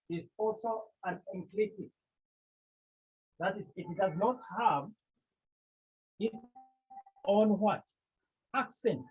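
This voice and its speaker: Slow, husky teacher over a tinny line. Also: mid-range voice, darkish tone. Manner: slow and deliberate, sounding out syllables; asks the class questions, then answers them. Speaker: Greek teacher. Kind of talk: lecture to a class. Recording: tinny phone-like online class audio.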